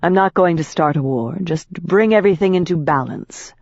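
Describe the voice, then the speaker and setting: A woman's voice: fairly low pitch, moderate pace, darkish tone, no room sound, highs cut off. A woman voicing a polished young male elf businessman, clipped and insistent, in an audiobook. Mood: persuasive. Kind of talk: audiobook character voice.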